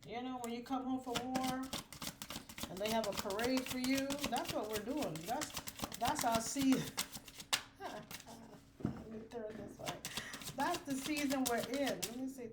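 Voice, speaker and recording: A woman giving a spiritual oracle card reading, drawn-out and preachy, full of affirmations. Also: on the high side, heavy background noise.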